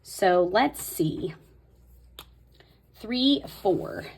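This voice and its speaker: A woman's voice: mid-range voice, sing-song, extremely slow, creaky, husky. A woman host talking casually through a Bible tabbing tutorial, thinking aloud as she marks pages. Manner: chatty, thinking aloud while marking her Bible. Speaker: Bible study video host.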